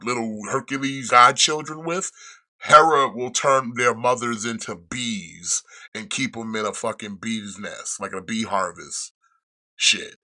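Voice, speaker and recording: A man hosting a podcast, retelling a series in casual chat with rambling, profane storytelling and quick restarts. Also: medium pitch, sharp tone. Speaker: podcast host reviewing a show.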